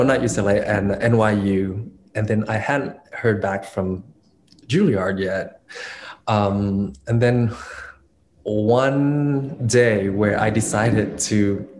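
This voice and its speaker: A man's voice: fairly low pitch, a little mellow, slight background noise. A male dance choreographer being interviewed, recalling his past in a reflective way with many fillers and restarts. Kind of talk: casual interview storytelling.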